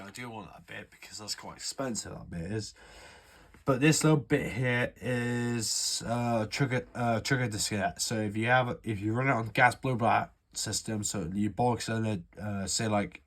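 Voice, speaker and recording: A man from the UK giving a rambling, sweary, offhand how-to walkthrough of a gun repair. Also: medium pitch. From United Kingdom. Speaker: airsoft hobbyist showing a repair. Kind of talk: casual how-to chat.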